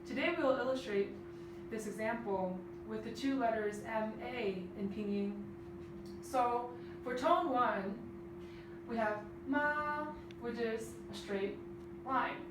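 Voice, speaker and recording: A woman explaining language tones slowly and carefully in an instructional video. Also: on the high side, noisy background. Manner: slow, careful, stressing each tone. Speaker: language teacher. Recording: echoey, distant mic with music.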